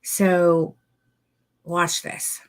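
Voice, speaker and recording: A woman's voice: on the low side, little pitch movement, extremely slow. Encouraging woman teaching a masterclass. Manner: encouraging, addresses viewers directly; demonstrative, coaching. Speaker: photography posing instructor.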